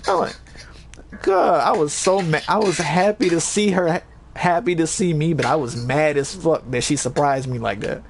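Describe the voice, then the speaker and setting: A man hosting a casual chat, telling profane, animated stories packed with quoted dialogue. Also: on the high side, normal speed, creaky, background noise. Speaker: host.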